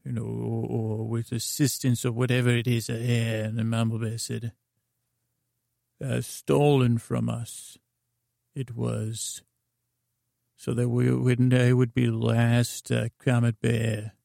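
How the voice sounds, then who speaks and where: A man spins a bedtime story off the cuff, wandering and pausing with fillers as he goes. His voice is slow, dark and gravelly, nearly flat in pitch, recorded dry and close. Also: no room sound. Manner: rambling, halting, many fillers and restarts. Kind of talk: improvised bedtime story narration.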